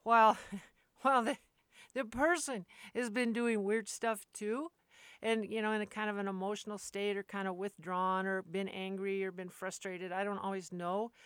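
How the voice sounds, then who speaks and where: A woman's voice: medium pitch, smooth, no room sound. Earnest, rambling woman dog trainer. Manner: rambling, earnest, with frequent restarts. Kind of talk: casual monologue.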